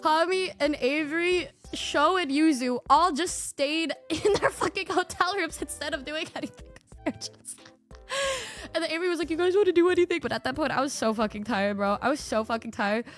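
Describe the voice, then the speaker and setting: A young woman streamer telling a story in a casual, excitable way, laughing often and swearing a lot. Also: sits high, moderate pace, faint music behind.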